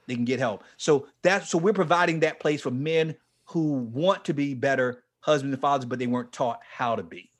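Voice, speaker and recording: A man in his forties, a ministry leader, telling his life story with strong emotion, dropping to a hush and then rising almost to a shout. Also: on the high side, steady tone, normal speed, few pauses. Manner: passionate, swings from hushed to near-shouting. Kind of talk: emotional testimony in an interview.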